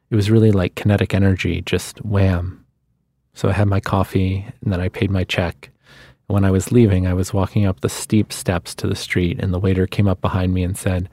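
Deep-voiced man reading fiction. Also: level tone, a little fast, a little mellow, dry recording, clean studio sound. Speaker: guest reader.

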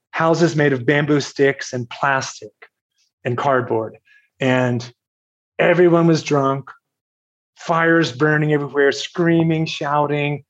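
A man from Virginia telling a personal story in a casual, halting way, with fillers and laughs. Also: on the high side, lo-fi sound. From Virginia, USA.

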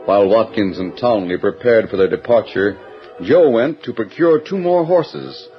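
A man's voice: fairly low pitch, faint music behind. Man narrating an old radio drama. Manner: measured storytelling. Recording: dull 1940s radio broadcast.

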